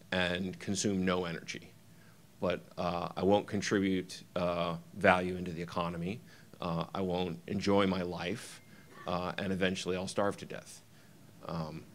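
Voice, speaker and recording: A man with a very low voice presents a keynote at a conference. He walks through his slides with frequent ums and uhs and restarts his sentences. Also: fairly bright tone. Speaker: keynote speaker.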